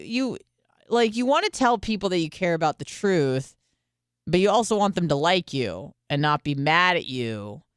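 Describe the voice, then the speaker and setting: A woman's voice: low-pitched, fairly bright tone, clear, resonant tone, dry recording, clean studio sound. A woman hosting a radio show, talking in a candid, chatty way and acting out quotes with some profanity. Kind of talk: casual monologue.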